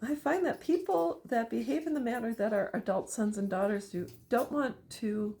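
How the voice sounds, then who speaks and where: A woman's voice: on the high side, creaky, warm tone. A middle-aged woman telling a personal story and giving emphatic advice to other parents in a monologue. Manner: emphatic, storytelling, lists items deliberately. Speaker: parent vlogger.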